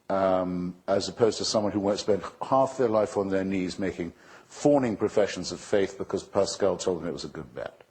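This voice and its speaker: A man's voice: deep voice, normal speed, darkish tone, slightly rough. A man speaking at a public debate in a sardonic, rhetorical and emphatic manner.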